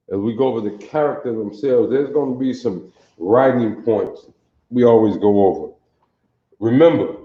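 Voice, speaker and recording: A man teaching an alphabet in a lesson, slow and deliberate, often quizzing his listeners with questions. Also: medium pitch. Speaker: language teacher. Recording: roomy, dull lo-fi sound.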